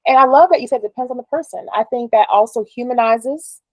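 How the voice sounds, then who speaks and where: A woman's voice: on the high side, quick pace, no room sound, poor audio. Curious woman asking questions, dry sound. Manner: curious, chatty questioning with hedges like "kind of". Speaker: interviewer. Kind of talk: casual interview conversation.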